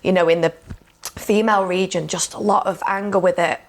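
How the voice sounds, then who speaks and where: A woman with a somewhat low voice talks candidly as a podcast guest. She is frank and emotional, and her speech is full of "like" and "you know". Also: steady tone, fairly quick. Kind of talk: candid conversational storytelling.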